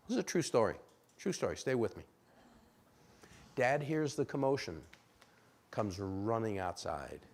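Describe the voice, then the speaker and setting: A man preaching a sermon in a church, telling a story with lively acted-out quotes and questions to the congregation. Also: lowish voice. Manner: animated storyteller, acts out quoted voices, asks congregation. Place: church sanctuary.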